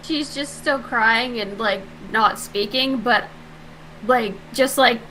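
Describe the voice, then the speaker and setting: Brief: female player, bright voice, a touch high, chatty and animated. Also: slow pace, slight background noise, rough recording. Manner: animated, lots of "like", swears. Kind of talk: casual tabletop game talk.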